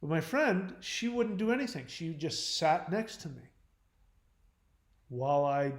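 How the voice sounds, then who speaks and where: A man's voice: a little high, animated, unhurried. A man hosting a live-stream advice talk, speaking bluntly and frankly in a loose, rambling way. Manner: loose, rambling delivery with many fillers and restarts. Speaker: channel host on relationships and codependency. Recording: roomy echo.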